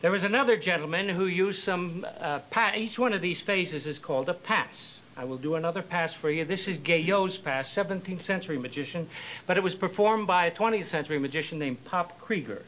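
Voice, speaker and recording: A man, a magician, explaining a routine in measured stage patter. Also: high-pitched, fairly bright tone, a little hiss or hum, rough recording.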